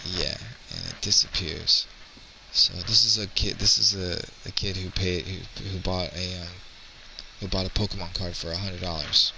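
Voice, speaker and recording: A man's voice: low-pitched, fairly even intonation, normal speed, gravelly, pushed and bright, slight background noise, rough recording. A man in his thirties telling a rambling, profane story in casual chat. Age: 30s.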